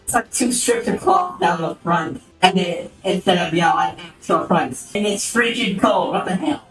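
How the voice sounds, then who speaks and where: A man streams a game with a high, very animated voice that's a bit bright, talking at a normal pace. His casual commentary rambles, swears, and keeps cutting itself off. The sound is roomy, from a distant mic, with faint music behind him.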